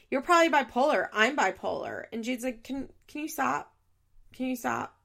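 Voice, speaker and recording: A woman's voice: medium pitch, vocal fry, fairly bright tone. A young woman casually recapping a TV episode for her viewers, frank and chatty, full of "like" fillers. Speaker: show recap vlogger.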